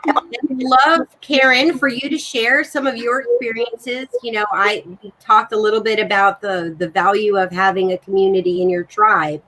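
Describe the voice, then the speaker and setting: A woman hosting an online talk show, with a crisp, bright voice. She speaks earnestly and readily agrees with her guests. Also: medium pitch, steady tone, normal speed, poor audio. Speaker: show host. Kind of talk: hosted talk-show conversation.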